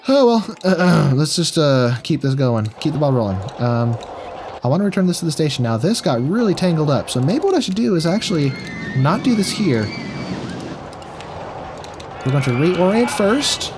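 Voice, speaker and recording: A man talks through a game as he plays it, musing over what to try next. His voice sits a bit high and swings widely. Steady background noise and game sounds run underneath. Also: moderate pace. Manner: thinking aloud, musing over his build. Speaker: gaming video creator. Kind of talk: casual gameplay commentary.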